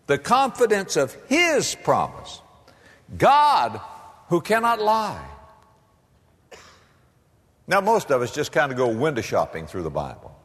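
A pastor preaching a sermon, emphatic, moving between loud proclaiming and hushed storytelling. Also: male voice, mid-range voice. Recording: long hall reverb.

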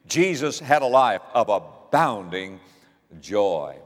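Emphatic preacher with a swooping voice. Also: male voice, medium pitch, big pitch swings, slow pace, a bit bright, big-room sound. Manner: emphatic, swooping dynamic delivery with chuckles. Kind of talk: sermon.

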